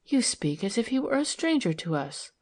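A woman reading an audiobook, voicing a gentle, eager wife who talks breathlessly and tenderly. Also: fairly high pitch, very animated, normal speed, pitched above the performer's own voice. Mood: hurt.

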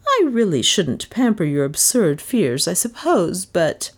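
A prim, composed older lady who gives orders crisply to her maid. A woman narrator plays her with a voice that ranges widely in pitch and sits a little low. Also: very animated, measured pace. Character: prim elderly spinster mistress of the house.

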